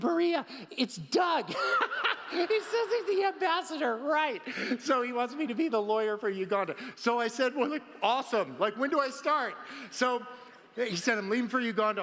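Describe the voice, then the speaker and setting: Excitable speaker, man, high voice, keeps cracking himself up; big hall echo. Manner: laughs often, animated and excitable. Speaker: conference speaker. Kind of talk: storytelling keynote talk. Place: large conference hall.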